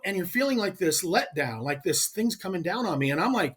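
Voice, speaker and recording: Man, angler guest, earnest, heartfelt, restarts sentences when emotional, slightly high voice. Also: expressive, brisk, hardly any pauses, a bit bright, slightly rough. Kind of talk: emotional storytelling in conversation.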